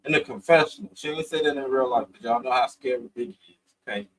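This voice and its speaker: A man's voice: mid-range voice, fast, rough recording. A man casually recapping a reality show, slangy and profane, laughing often as he talks. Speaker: reality TV reviewer.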